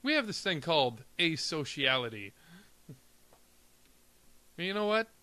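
A young man co-hosting a casual chat show, quick with sarcastic one-liners. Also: fairly high pitch, big pitch swings, bright, forceful tone, no echo. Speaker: podcast co-host. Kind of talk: casual banter.

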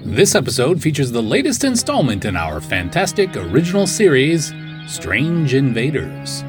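A man's voice: medium pitch, huge pitch swings, moderate pace. A man announcing a radio-style anthology show in a dramatic, old-time manner. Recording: announcement over music. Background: guitar music.

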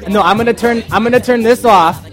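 A man's voice: very high voice, fairly quick, fairly bright tone, faint music behind. A man hosting a podcast in front of a group, joking and coaxing people to join in, repeating himself. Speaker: podcast host. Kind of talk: casual chat to a live group.

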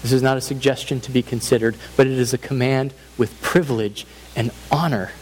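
A man's voice: medium pitch, steady tone, a little fast, rough recording. A man preaching a sermon as pastor, earnest and emphatic, building points through repeated phrases. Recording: faint hiss.

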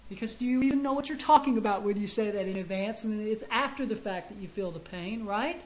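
A man giving a sermon to a room of men, conversational and halting, with frequent restarts and punchy stresses. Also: high voice. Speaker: preacher. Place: room with an audience. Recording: echoey, muffled room recording with faint ambience.

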